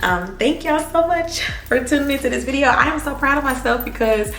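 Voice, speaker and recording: A woman, talking earnestly and with emphatic repetition in a heartfelt storytime vlog, her voice a little hoarse and emotional. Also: sits high, fairly quick, echoey room, over music. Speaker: vlogger.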